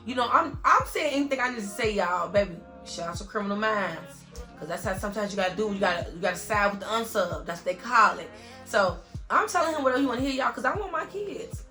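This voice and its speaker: Earnest bright-voiced woman telling a story. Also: mid-range voice, expressive, fast talker, soft background music. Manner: earnest, talks straight to viewers with constant "y'all". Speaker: vlogger. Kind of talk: emotional story-time monologue.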